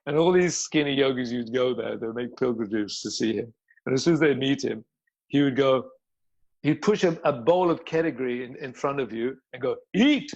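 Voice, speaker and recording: A man's voice: mid-range voice, moderate pace, a little mellow, lo-fi sound. An older man, a yoga teacher, telling stories bluntly in a casual interview, swearing and repeating words.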